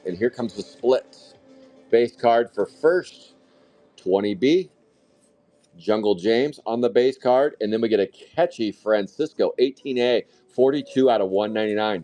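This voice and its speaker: A man hosting a live trading card break, calling out each pull with hype-filled, casual commentary and the odd curse. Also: fairly low pitch. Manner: hype-driven, excitable calling of card pulls, casual swearing.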